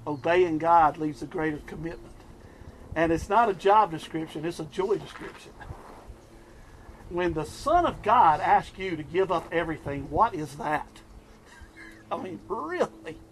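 High-pitched middle-aged guy preaching, animated storyteller, bit of hiss behind. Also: a little slow. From US East Coast. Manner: storytelling, animated, chuckles often. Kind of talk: sermon.

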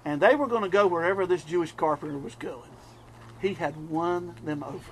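A middle-aged man from the US East Coast preaching a sermon, telling stories in an animated way and chuckling often. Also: on the high side, a little fast, slight background noise.

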